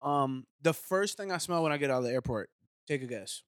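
A young man in casual chat, telling an animated story, swearing freely and acting out the voices of people in it. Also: a little high, fairly quick, smooth, dry recording, studio quality.

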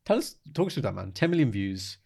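A man's voice: sing-song, quick pace, gravelly, a little mellow, slightly rough. A man from the United Kingdom with a London accent, co-hosting a casual podcast and telling stories playfully. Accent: London English. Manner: playful storyteller, drops to a low murmur. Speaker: podcast co-host.

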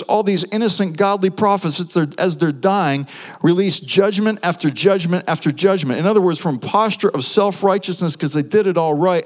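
A male pastor preaching a sermon, animated, asking the audience rhetorical questions. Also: high-pitched. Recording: long hall reverb.

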